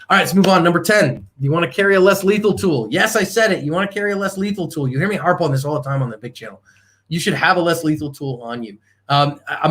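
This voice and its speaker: Emphatic man teaching a self-defense seminar. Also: a little high. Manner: emphatic, animated, with fillers and restarts. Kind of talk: live seminar talk.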